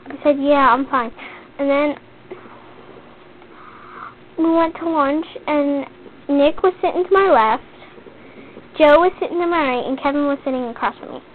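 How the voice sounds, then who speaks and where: High-voiced teen girl, chatty. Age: teens. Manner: chatty, rambling, heavy use of "like". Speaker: vlogger. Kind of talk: casual rambling story. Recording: tinny lo-fi webcam audio with faint hiss.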